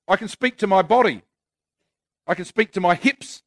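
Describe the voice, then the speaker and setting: A man's voice: high-pitched, brisk, a bit bright, no room sound. A man preaching a sermon in an earnest, conversational way with touches of self-deprecating humour.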